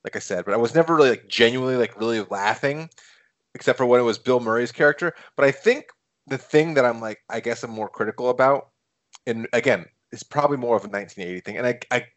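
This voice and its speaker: A man talking casually about a film in a middle-pitched voice. He speaks haltingly, stopping and restarting as he works out his thoughts. He sounds relaxed among friends. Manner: halting, many restarts and fillers while thinking aloud. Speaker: podcast co-host. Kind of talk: casual movie chat.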